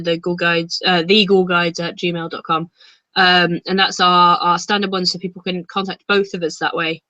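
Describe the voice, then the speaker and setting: Chatty rambling woman, bright voice. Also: medium pitch, no room sound. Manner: chatty, rambling with many ums. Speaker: guest. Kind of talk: casual chat.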